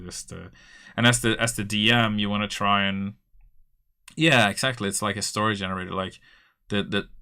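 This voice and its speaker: Brief: low, forceful male host, casual and rambling, full of filler words. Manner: rambling, loose, many fillers. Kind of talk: casual chat.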